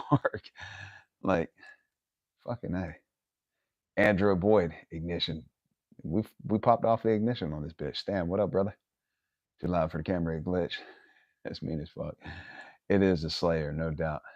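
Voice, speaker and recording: A man's voice: sits low, no room sound. A man hosting a casual livestream from his yard, rambling and swearing, laughing often. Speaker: livestream host. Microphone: phone camera.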